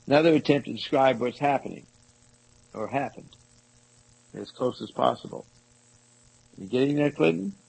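A man reading passages from a book aloud to a small group and commenting on them, halting and rereading lines as he goes. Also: medium pitch, expressive, creaky, darkish tone, breathy edge, low-quality recording. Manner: halting, restarts and rereads passages, asides to listeners. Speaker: discussion leader reading from a book.

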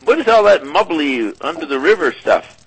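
A man's voice: fairly high pitch, sing-song, normal speed, slight background noise, low-quality recording. A man hosting a casual reading group, teasing and laughing as he reads a book aloud.

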